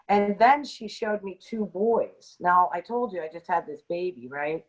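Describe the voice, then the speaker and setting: Woman co-host, middle pitch, unscripted storytelling, halting delivery, dull lo-fi recording. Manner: hesitant, many ums and restarts. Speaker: podcast co-host. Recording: dull lo-fi audio.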